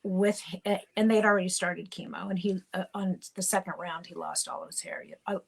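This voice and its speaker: A woman's voice: fairly low pitch, fairly even intonation, a little fast, gravelly, slightly rough, low-quality recording. A middle-aged woman, an interview guest and mother, telling a personal story candidly and at times getting choked up. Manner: candid, gets choked up at moments.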